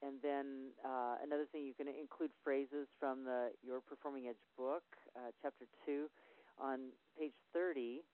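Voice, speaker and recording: A man's voice: mid-range voice, fairly even intonation, measured pace. A man who works as a sport psychology consultant, explaining visualization technique in loose, unscripted instructional talk with frequent fillers. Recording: tinny phone-like audio.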